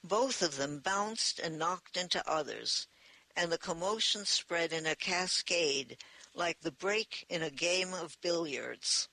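A man narrating an audiobook in a measured storytelling manner. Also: fairly high pitch, creaky, sharp tone, dry recording, poor audio.

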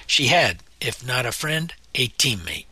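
A man narrating a novel in a measured storytelling manner. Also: medium pitch, sing-song, sharp tone, slightly rough, dry recording. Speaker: audiobook narrator. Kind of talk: scripted narration.

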